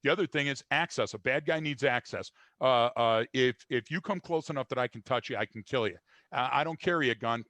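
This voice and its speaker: An older American man speaks as an interview guest in a blunt, emphatic way, often restarting his sentences and leaning on fillers. His voice sits at a middling pitch and comes across dry and close, with almost no room sound. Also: fairly quick, fairly bright tone, no room sound. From United States. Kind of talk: conversational interview.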